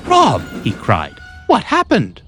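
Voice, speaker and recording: A man's voice: mid-range voice, huge pitch swings, measured pace, faint music behind. A man voicing a male engine in a storybook, a concerned friend calling out to another.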